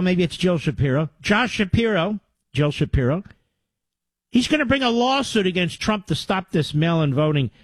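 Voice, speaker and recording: A man's voice: sits high, dry recording. Sarcastic, ranting talk radio man.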